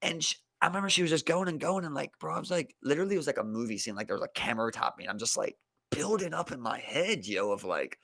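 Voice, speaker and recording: Fast and forceful, a young Maryland podcast co-host spins a profane story in casual conversation, packing it with "like" and "bro." His voice is a little high, expressive, gravelly and bright.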